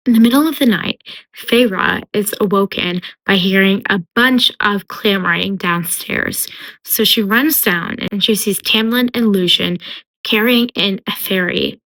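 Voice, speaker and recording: A woman's voice: medium pitch, fairly bright tone, rough recording. A young woman casually summarizing a book, chatty and full of filler words, slipping into character voices. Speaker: book commentator.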